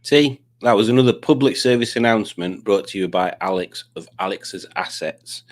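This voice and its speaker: A man's voice: on the low side, moderate pace. A man hosting a live quiz stream, rambling casually and reading out viewer comments. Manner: rambling, reads out chat comments.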